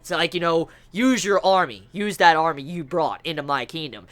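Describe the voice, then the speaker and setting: A woman reviewing an animated series episode, gushing with excitement and swearing freely as she talks. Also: low voice, moderate pace. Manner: gushing, profane, emphatic.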